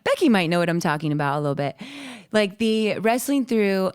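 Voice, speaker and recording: A woman's voice: medium pitch, sing-song, fairly quick, smooth. A woman in her thirties, a worship leader, talking earnestly and animatedly as a podcast guest and laughing easily. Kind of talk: casual podcast conversation.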